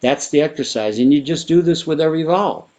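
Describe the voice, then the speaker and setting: A man teaching a guided vocal breathing exercise, talking in a relaxed, rambling way with fillers and restarts. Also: on the high side, fast. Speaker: sound therapy teacher.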